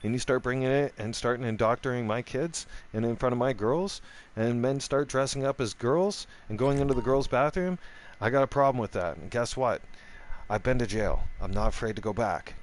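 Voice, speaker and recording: A middle-aged man telling a rambling, profane story in a casual vlog rant, restarting his sentences often. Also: a little fast. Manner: voice jumps up high when quoting himself. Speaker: gaming vlogger.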